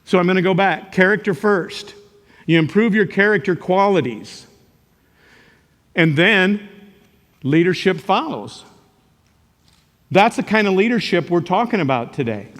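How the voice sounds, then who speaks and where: An older man, a teacher, giving a motivational talk to a live audience, telling jokey stories with sudden loud outbursts. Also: sits high, a little slow, pauses often. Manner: animated storytelling, joking, sudden loud outbursts. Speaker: character education teacher and speaker. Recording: reverberant hall.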